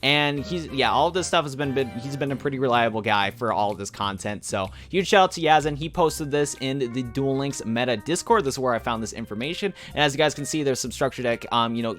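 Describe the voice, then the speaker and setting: A man hosts a gaming video in a rushed, rambling stream of words, packed with fillers. He sounds a little out of breath from talking so fast, at a middling pitch. Light music plays quietly behind him. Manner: rapid rambling delivery with many fillers, says he runs out of breath. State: slightly out of breath. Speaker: YouTube gaming channel host. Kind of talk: fast casual commentary on a mobile card game.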